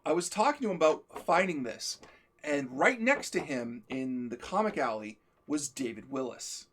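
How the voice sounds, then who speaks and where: A man co-hosting a stream, telling stories in a casual chat, animated, often laughing and acting out what people said. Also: on the high side, normal speed. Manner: animated storyteller, laughs often, acts out quotes. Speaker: stream co-host.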